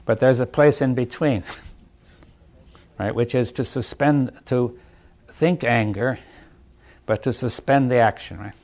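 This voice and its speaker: Halting, thoughtful man giving a talk. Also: mid-range voice. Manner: halting, restarts phrases, keeps checking in with the listener; soft chuckles between points. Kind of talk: reflective spoken lecture.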